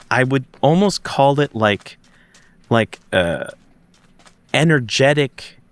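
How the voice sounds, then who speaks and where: A man, a podcast guest and investigator, recounting a strange sighting in an emphatic way, often restarting and searching for words. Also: medium pitch.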